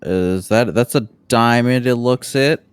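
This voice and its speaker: A man's voice: medium pitch, a little slow, clear, resonant tone, no room sound. A young man co-hosting a let's-play, chatting with joking, playfully exasperated banter. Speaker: co-host, player. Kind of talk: casual let's-play chat.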